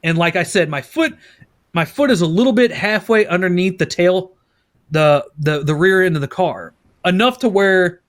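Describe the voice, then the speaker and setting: A man's voice: high-pitched, moderate pace. A man hosting a podcast, telling a story casually with constant swearing and laughter. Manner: profane, laughing, animated storyteller. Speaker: podcast host.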